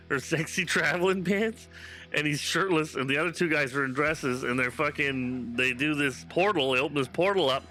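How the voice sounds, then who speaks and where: A man from Canada streaming games, chatting casually and telling stories in an animated, profane way. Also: on the high side. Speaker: game streamer. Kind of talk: casual live-stream chat.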